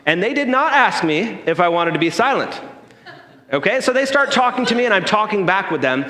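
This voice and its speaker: A man's voice: high voice, sing-song, a little fast, sharp tone. Man preaching in a reverberant hall. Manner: conversational, checks in with the room by asking "okay?". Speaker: pastor. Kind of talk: sermon with personal story. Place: church sanctuary.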